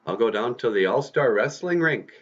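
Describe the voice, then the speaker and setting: A man voicing young hero Peter Parker in a storytelling podcast, lifting his own low voice higher and more excitable. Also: normal speed, close to an everyday voice. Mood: eager. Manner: excited, raised voice. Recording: dull lo-fi recording.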